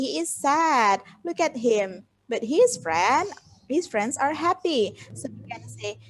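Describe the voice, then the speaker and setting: Young Indonesian woman teaching a class. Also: high voice. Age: young adult. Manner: code-switching, coaxing questions to the class. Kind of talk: micro-teaching grammar lesson.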